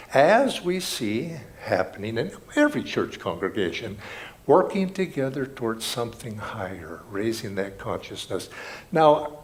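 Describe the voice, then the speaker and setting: A man speaks at a spiritual gathering in an earnest, reflective way, telling stories to make his points. His pitch sits in the middle of the male range, and his delivery rises and falls with lively movement. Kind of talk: inspirational spiritual talk.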